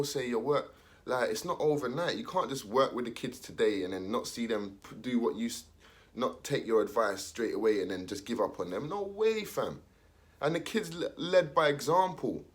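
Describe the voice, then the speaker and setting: A young man rants in a casual monologue, full of street slang. His pitch sits mid-range, but he swings it widely as he acts out other people's voices. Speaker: commentator.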